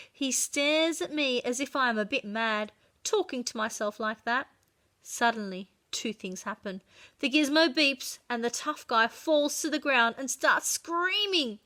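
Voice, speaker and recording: A woman reads a children's chapter book aloud with lively, dramatic expression. Her voice sits high and sounds bright and clear, and she paces the story for young listeners.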